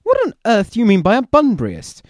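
A man reading aloud as an earnest young gentleman suitor in a classic comedy, in a theatrical manner. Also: high voice, huge pitch swings, fairly quick, noisy background, pitched above the performer's own voice. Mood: indignant.

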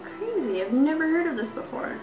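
A young woman vlogger chatting casually as she unboxes beauty gifts, gushing and excited. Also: sits high, brisk, dull audio. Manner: bubbly, gushing, lots of "like" and "so cool". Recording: echoey room with faint music.

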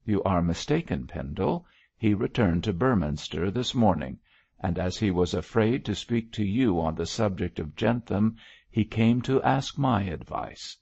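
A man's voice: fairly low pitch, lively intonation, creaky, a little mellow, husky, no echo, muffled recording, full character voice. Man voicing a firm, blunt doctor. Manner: firm, brisk and exhorting. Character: blunt, firm middle-aged male doctor.

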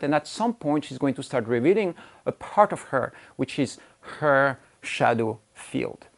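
A man coaching to camera, emphatic and repeating phrases for stress, acting out quoted speech with big swings in pitch. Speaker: relationship coach. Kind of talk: direct-to-camera coaching talk.

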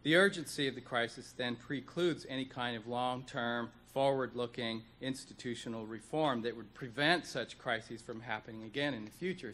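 Bright-toned man giving a deliberate conference speech. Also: medium pitch, slight background noise. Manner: earnest, deliberate lecturing with emphatic repetitions. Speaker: economist speaker. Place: conference hall.

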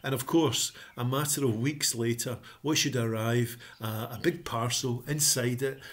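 A man's voice: mid-range voice, fairly even intonation. Upbeat man vlogging. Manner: upbeat and encouraging, pausing with frequent ums. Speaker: motivational vlogger. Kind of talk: casual talk to camera.

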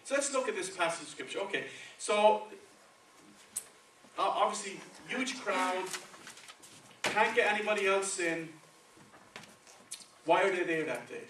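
In an echoey church sanctuary, picked up from far off with a little hiss or hum, a man preaches in Spanish-accented English. His high, animated voice moves a little slowly with long pauses and a fairly bright tone, and he keeps checking in with the congregation using "okay" and "right" in a conversational style.

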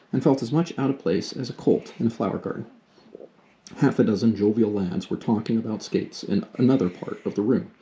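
A father reading a classic novel aloud to his daughter at a steady, unhurried pace. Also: fairly low pitch.

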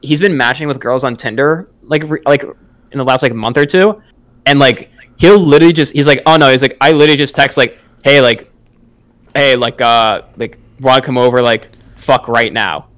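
A man's voice: medium pitch, normal speed, a bit bright. A young man co-hosting a podcast, telling a long story in casual chat with lots of filler words and slang. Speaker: podcast co-host.

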